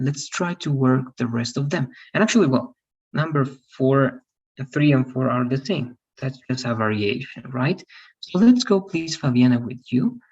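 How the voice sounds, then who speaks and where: Husky-voiced male teacher, lo-fi audio. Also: mid-range voice. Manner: explanatory, repeats "okay" and "right?" to check understanding. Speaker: English teacher. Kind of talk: online grammar class. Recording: dull lo-fi audio.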